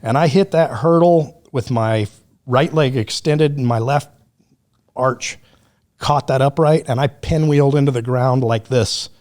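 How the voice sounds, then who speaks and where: A man telling a story on a podcast in a casual, profane, animated way, acting out what others said. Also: medium pitch, measured pace. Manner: profane, animated storyteller who acts out quotes.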